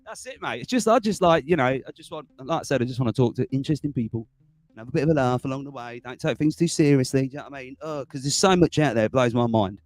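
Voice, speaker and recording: A man in his forties hosting a casual livestream chat, chatty and excitable, laughing often. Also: medium pitch, fast, dry recording, soft background music. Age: 40s. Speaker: livestream host.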